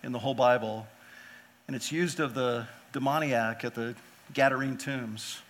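A man preaching a sermon as pastor, lively and animated, often putting rhetorical questions to his listeners. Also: mid-range voice, normal speed.

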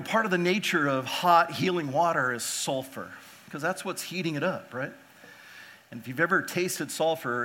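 A man preaching a sermon as pastor, lively and animated, often putting rhetorical questions to his listeners. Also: high voice.

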